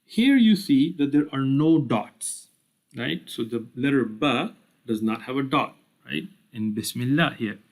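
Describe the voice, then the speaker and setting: A man's voice: medium pitch, expressive, a little slow. Man lecturing, checking in often. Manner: explanatory, with frequent "right?" checks and fillers. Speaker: Islamic studies lecturer. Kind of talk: lecture with slides.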